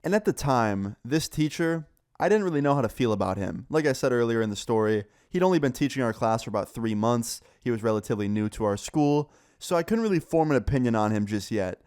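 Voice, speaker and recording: A young man casually telling a school story, animated and swearing, acting out what others said. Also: mid-range voice, a little fast, clear, resonant tone. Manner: animated, swearing, acts out quoted voices. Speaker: storyteller vlogger.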